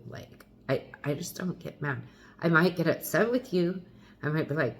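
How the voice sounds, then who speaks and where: A middle-aged mother talks candidly to the camera in a personal vlog, her voice lowish and her speed normal. She's frank and confessional, adding wry asides and the occasional mild curse.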